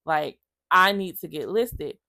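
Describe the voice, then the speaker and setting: A woman with a low, creaky voice speaks slowly in a casual vlog, telling her own story to camera. She's emotional and chatty, acting out other people's lines and calling her viewers "y'all." The recording is dry.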